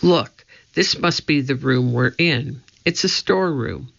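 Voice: mid-range voice, expressive, creaky, fairly bright tone, full character voice. A reader voicing a nervous, bookish young boy who talks in an anxious hurry in a children's storybook. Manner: anxious, hurried. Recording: muffled lo-fi recording.

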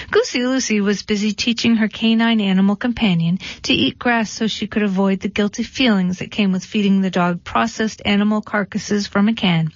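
A woman's voice: medium pitch, dry recording. Wry woman reading a storybook. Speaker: reader. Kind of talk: storybook narration. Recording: dull dry lo-fi recording.

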